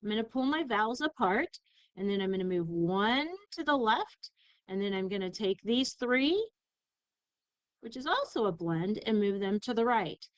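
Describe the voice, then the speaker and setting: A woman teacher giving a recorded spelling lesson, sounding out syllables slowly and carefully. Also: medium pitch, sing-song, no room sound, highs cut off. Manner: slow, careful enunciation of syllables.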